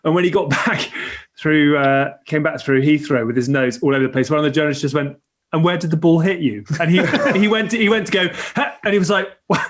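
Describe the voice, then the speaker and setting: A man's voice: a little high, fast talker, a bit bright. A man hosting a casual podcast, telling a story while chuckling. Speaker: podcast host.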